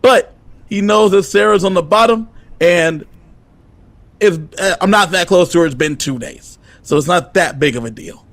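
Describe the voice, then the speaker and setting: A man's voice: sits high, normal speed, dry recording. A man co-hosting a fan podcast who teases his co-host and argues his point in a matter-of-fact way. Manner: teasing, matter-of-fact arguing. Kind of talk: casual chat.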